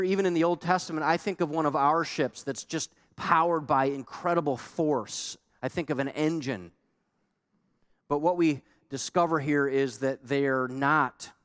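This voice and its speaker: A man with a slightly higher voice delivers a sermon from the pulpit. He is emphatic and repeats key lines for weight. He switches between quick runs and slow, deliberate stresses. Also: fairly bright tone. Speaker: pastor.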